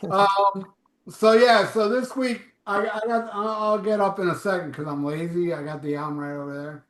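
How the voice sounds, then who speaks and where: High, bright-voiced rambling podcast host. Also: male voice, steady tone, normal speed, reverberant. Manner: rambling, profane, jokey. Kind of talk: casual podcast banter.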